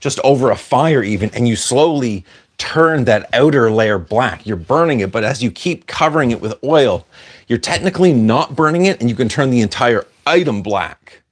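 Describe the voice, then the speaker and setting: This man speaks at a moderate pace in an animated, medium-pitched voice. Chatting casually on a livestream, he reads out comments from viewers and responds in a wandering, self-deprecating style, often trailing off partway through a sentence.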